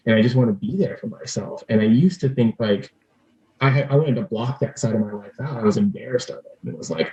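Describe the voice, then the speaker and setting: A man's voice: fairly low pitch, fast talker, a little mellow, breathy edge, highs cut off. A man speaking as an interview guest, earnest and emotional, leaning heavily on fillers. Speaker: guest, youth speaker and coach. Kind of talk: candid conversational interview.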